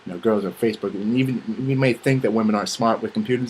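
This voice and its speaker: A man's voice: on the low side, racing, hardly any pauses, slight background noise, poor audio. A young man ranting casually and comically, with lots of swearing, acting out bits of dialogue as he goes. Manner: profane, animated, acts out quoted dialogue. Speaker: vlogger. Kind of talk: casual comedic rant.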